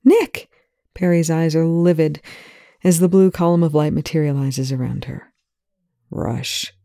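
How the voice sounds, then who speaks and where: A reader narrating fan fiction in a quiet, even manner. The voice is gravelly and dark, recorded close in a dry room. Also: medium pitch, normal speed, no room sound. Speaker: audiobook narrator. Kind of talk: audiobook reading of fan fiction.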